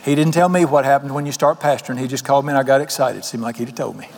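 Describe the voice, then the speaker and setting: Speaking very fast in a medium-pitched, creaky, darkish voice, a man preaches as pastor. His folksy sermon mixes homespun stories, quotes delivered in character voices, and questions for the congregation, all heard with long hall reverb.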